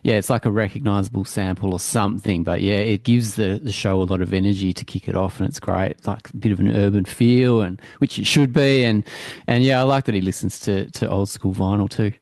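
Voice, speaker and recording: A man's voice: fairly low pitch, steady tone, fairly quick, hardly any pauses, a little mellow, dry recording, clean studio sound. A man co-hosting a podcast, chatting in an easygoing way about a TV series with light laughs. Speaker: podcast co-host. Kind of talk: casual TV review chat.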